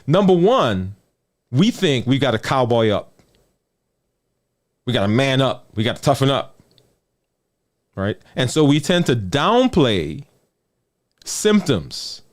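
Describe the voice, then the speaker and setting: A man speaks as a physician giving a conversational health talk. His pitch is lively and animated, and he often sinks low and quiet for emphasis. He keeps checking in with the listener and repeats phrases to drive a point home. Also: slow, long pauses. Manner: drops low and soft on key words.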